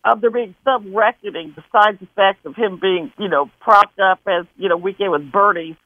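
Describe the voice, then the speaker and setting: A woman's voice: medium pitch, moderate pace, dry recording. A woman calling in to a radio show with a mixed Wisconsin and Southern accent, hesitant and apologetic as she rambles. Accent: Wisconsin and Southern mix. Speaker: caller. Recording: tinny dry phone line.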